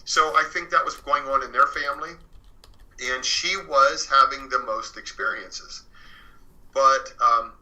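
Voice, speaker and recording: A guest author on the radio, by phone or in studio, tells the true tale of a haunted house in a rambling way, peppered with "you know," restarts, and other people's words. His mid-range voice is unhurried, pushed, and bright, captured in a low-quality recording.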